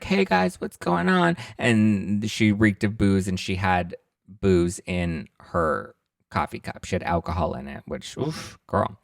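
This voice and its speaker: A man's voice: lowish voice, fairly bright tone, no echo, studio quality. A young man hosting a podcast, chatting casually about reality TV gossip and acting out the quotes in campy mimicking voices. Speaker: podcast host recapping a book.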